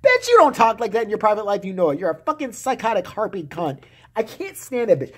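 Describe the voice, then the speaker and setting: A man's voice: high voice, expressive, fast talker, a little hiss or hum. A man delivering a vulgar, heated, mocking solo rant to camera. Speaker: vlogger.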